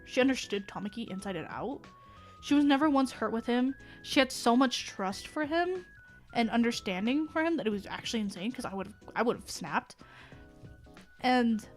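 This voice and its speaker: A fairly high-pitched woman chats on stream, retelling a story in an eager, rambling way with lots of "like" and "you know." Soft music plays faintly behind her. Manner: rambling, excited anime recap with many fillers. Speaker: VTuber streamer. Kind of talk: casual stream chat.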